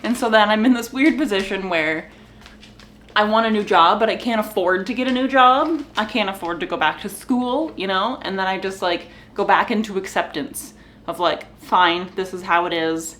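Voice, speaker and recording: A young woman vlogger talks casually and ramblingly to the camera while sitting on her kitchen floor at home. She sighs now and then, laughs, and talks to her dogs. Her voice is mid-range and fairly bright, at a moderate pace, with a little hiss or hum in the recording.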